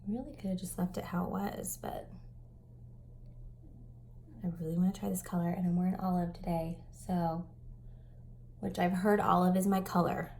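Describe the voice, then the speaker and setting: A woman in her thirties chatting through a casual makeup tutorial, stuffy and breathing heavily, with self-mocking soft asides. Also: on the low side, flat delivery, normal speed, long pauses, a little hiss or hum. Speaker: makeup vlogger.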